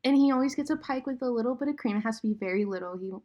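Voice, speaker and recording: A young woman co-hosting a casual podcast, quippy and quick to joke. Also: on the high side, warm tone, muffled recording. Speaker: podcast co-host. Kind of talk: casual chat.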